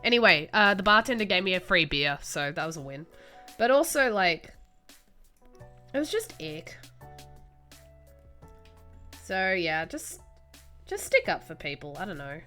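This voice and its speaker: A young woman telling a story while drawing, in an animated, swearing, casual way. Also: fairly low pitch, a little slow, pauses often, soft background music. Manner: animated, swears freely, acts out reactions. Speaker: streamer.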